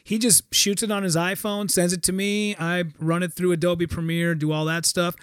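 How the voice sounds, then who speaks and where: A man with a high voice who spins his stories with energy and acts out every quote. He swears freely and the sound is dry and close. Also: little pitch movement, normal speed, a bit bright, clean tone, no room sound. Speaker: guest. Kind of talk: casual podcast chat.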